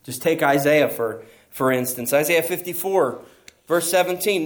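A man's voice: fairly high pitch, moderate pace. A man preaching a sermon as pastor, emphatic and asking his listeners rhetorical questions.

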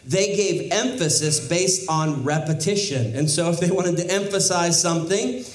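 A man gives a sermon in a plain, conversational teaching voice that sits a little higher than most men's. He drops in wry asides and lifts his voice to stress a point. The sound carries a noticeable room echo. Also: normal speed. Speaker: pastor. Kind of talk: expository sermon.

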